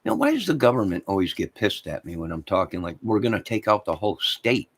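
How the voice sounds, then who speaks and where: A man's voice: fairly low pitch, sing-song, fast. A man hosting a livestream, rambling crudely and talking to his chat viewers. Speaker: livestream host.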